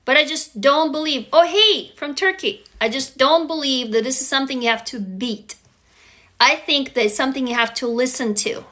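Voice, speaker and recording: Hosting a relaxed livestream, a woman from Russia talks candidly and replies to viewer comments along the way. Her voice is high and sharp, and she keeps a moderate pace.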